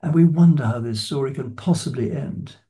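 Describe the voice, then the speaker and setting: A man giving an unscripted lecture on a Bible passage, in a measured, explanatory way that stresses key words. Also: medium pitch, warm tone. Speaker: lecturer on scripture.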